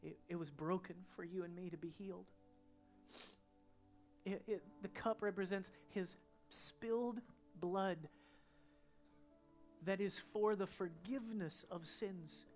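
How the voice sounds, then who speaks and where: Pastor preaching passionately over soft music. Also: female voice, on the low side, slow pace, pauses often. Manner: swings from soaring proclamation to hushed, intimate prayer. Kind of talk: sermon. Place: church service.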